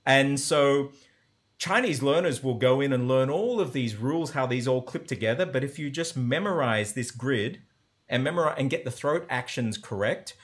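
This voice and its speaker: A man's voice: medium pitch, moderate pace. A man teaching language sounds in a conversational, enthusiastic way, often voicing sample syllables to demonstrate. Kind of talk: conversational explanation.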